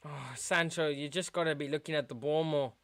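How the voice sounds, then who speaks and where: A young man streaming a football watchalong, muttering through quiet spells and yelling at big chances. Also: a little high, a little fast, dry recording. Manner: excitable, shouts at big chances, mutters otherwise. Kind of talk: live football watchalong commentary.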